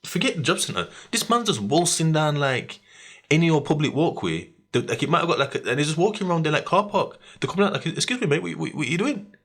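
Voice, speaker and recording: Hosting his podcast, a man talks fast in a slightly high voice, animatedly telling stories in relaxed chat that's heavy on street slang.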